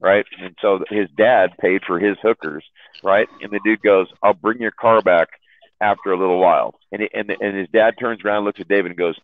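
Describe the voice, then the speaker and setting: A man's voice: fairly low pitch, normal speed, no echo. A man telling a long profane story in casual chat, rambling and laughing at his own jokes. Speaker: chat room host telling stories. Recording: dry, phone-like audio.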